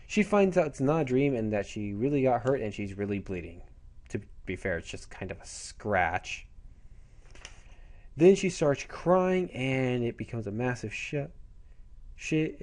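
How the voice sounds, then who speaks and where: Mellow-voiced man recapping a comic. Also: medium pitch. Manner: rambling, chatty summarizing. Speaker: comic reviewer. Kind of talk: casual recap of a comic chapter.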